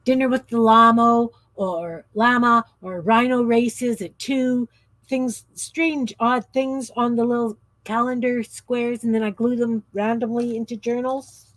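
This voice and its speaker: A woman's voice: a little high, steady tone, a little slow, fairly bright tone, no echo. A woman in her fifties hosting a craft livestream, chatting casually in a rambling, easily sidetracked way. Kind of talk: casual chat while crafting.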